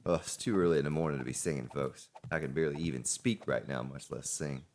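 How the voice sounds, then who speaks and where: A man's voice: a bass voice, fast talker, a little mellow. A man hosting a gaming let's play, chatting casually and rambling to himself as he plays. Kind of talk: casual gameplay commentary.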